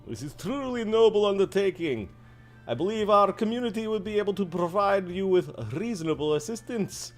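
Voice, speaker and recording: A man doing a formal high priest. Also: expressive, brisk, soft background music. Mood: courteous. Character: courteous dignified male high priest.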